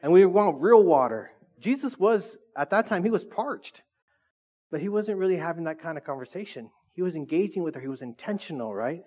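A man's voice: high-pitched, expressive, fairly quick, dark tone, dull audio. A man preaching a casual, joking sermon, teasing his audience and asking them questions.

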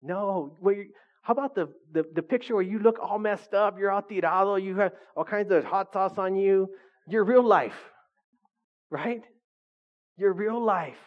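A man's voice: high-pitched, a little slow, phone-quality sound. A pastor preaching a conversational, humorous sermon, often asking his congregation questions.

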